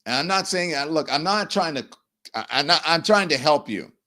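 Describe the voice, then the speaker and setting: A middle-aged man hosting a live political commentary stream, ranting in an animated, profane way. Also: fairly high pitch, normal speed. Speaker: livestream host.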